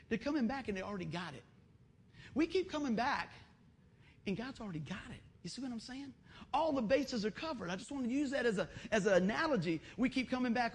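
A man preaching a sermon, lively and acting out little everyday scenes with voices. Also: sits high, a little fast, slightly rough. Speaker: pastor.

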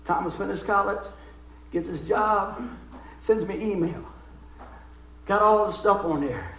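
A man's voice: high-pitched, measured pace, pauses often, a bit bright. A middle-aged man preaching a sermon, telling a personal story in a folksy, emotional way with casual asides. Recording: echoey room.

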